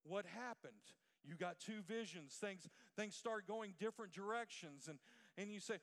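High-voiced preaching pastor, hall reverb. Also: male voice, moderate pace, fairly bright tone. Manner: preaching with call-and-response questions. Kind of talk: sermon.

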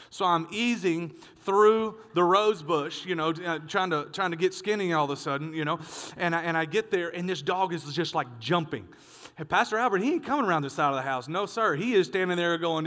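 Brief: high-pitched male preacher, animated storyteller, big church hall reverb. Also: fairly quick. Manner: animated storyteller, acts out dialogue. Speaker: pastor. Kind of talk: sermon with storytelling.

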